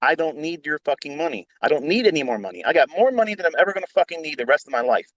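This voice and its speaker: A middle-aged man giving a blunt, profane, unscripted rant as a trading educator hosting a live audio chat, repeating himself and swinging into loud outbursts. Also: a little high, lively intonation, racing, no room sound, dull audio.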